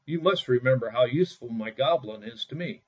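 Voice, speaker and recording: A man's voice: mid-range voice, expressive, fairly quick, a little mellow, husky. A man voicing a clever, sly poor male peasant in a fairy tale, talking in a coaxing way, on a dull lo-fi recording. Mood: reluctant.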